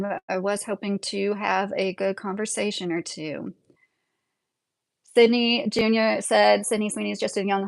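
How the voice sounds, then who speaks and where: Young woman, casual opinionated streamer, mid-pitched, rambling delivery, dry mic. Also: no echo. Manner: rambling, opinionated, laughs often. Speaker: livestream host. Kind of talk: casual livestream commentary.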